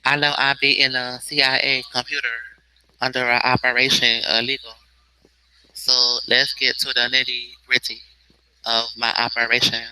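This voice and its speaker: A man voicing a loud, brash male character who drawls in folksy speech and rambles from one thought to the next. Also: mid-range voice, little pitch movement, normal speed, clear, resonant tone, no room sound, poor audio. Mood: boastful.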